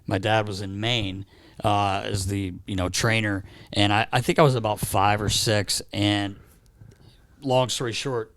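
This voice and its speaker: A man co-hosting a podcast, chatting casually and telling a lively story, his pitch leaping up when he quotes himself as a kid. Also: a little slow. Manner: animated storyteller who jumps to a high pitch when quoting himself as a child. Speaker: podcast co-host. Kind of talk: casual chat. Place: podcast studio.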